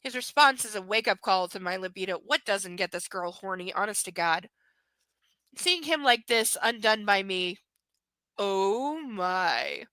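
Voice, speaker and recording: Female live-stream book reader with a crisp, forceful tone. Sarcastic running commentary, occasional whispered passages. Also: mid-range voice, lively intonation, measured pace, dry recording, low-quality recording. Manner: sarcastic, mocking asides. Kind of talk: reading a novel aloud with commentary.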